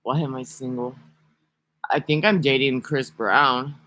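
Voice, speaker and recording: Bright-voiced rambling man vlogging. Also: medium pitch, steady tone, a little slow. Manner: rambling, profane, sarcastic. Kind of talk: casual vlog monologue.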